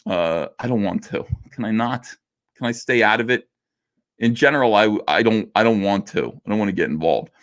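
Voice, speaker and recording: A middle-aged man with a fairly low voice chats on a livestream, answering viewers in a loose, joking, self-deprecating way. His talk is full of fillers and restarts, and he drifts between asides. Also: moderate pace, a bit bright. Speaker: livestream host reading super chats. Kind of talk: casual livestream chat.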